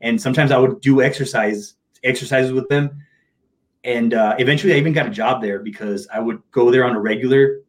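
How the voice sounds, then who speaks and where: A man telling personal stories in relaxed conversation. He talks with energy and emphasis, sometimes breaking into quick voices of other people. His voice sits in an ordinary middle pitch. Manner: animated, emphatic, slips into quick impressions. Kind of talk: casual storytelling.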